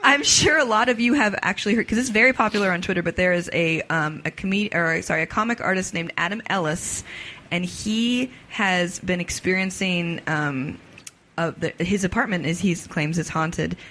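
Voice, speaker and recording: Giggly, bright-voiced woman guest. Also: lowish voice, normal speed, a little hiss or hum. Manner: giggly, rambling with many fillers. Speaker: guest, children's book author. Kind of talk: casual podcast chat.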